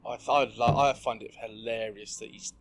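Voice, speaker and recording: A man's voice: lowish voice, fairly even intonation, a little fast. Man rambling on a football podcast. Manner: rambling, hesitant with many ums. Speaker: podcast co-host. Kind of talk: casual football podcast chat.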